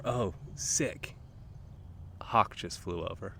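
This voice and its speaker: A man hosting a casual nature podcast, talking in a laid-back, rambling way with frequent ums and uhs, recorded outdoors beside calm water in a park. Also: medium pitch, extremely slow, gravelly, long pauses. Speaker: podcast host.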